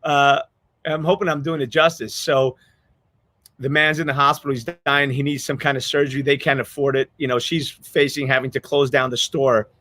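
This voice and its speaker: A man's voice: medium pitch, little pitch movement, normal speed, sharp tone. Earnest man telling a story, choked up. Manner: earnest, rambling, many restarts. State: choked up with emotion. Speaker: podcast host. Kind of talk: casual storytelling chat.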